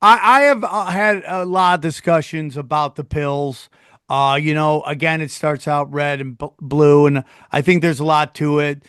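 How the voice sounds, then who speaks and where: A man's voice: on the high side, fairly even intonation, moderate pace, a bit bright, smooth, dry recording, clean studio sound. A man hosting a podcast, talking in a loose, rambling, agreeable way in casual chat. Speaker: podcast host.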